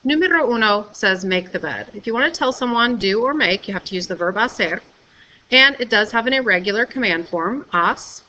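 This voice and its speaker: A woman teacher giving a recorded video lesson, explaining patiently and clearly and often checking with "okay?". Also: medium pitch, animated, brisk, bright, forceful tone, muffled recording, slight background noise.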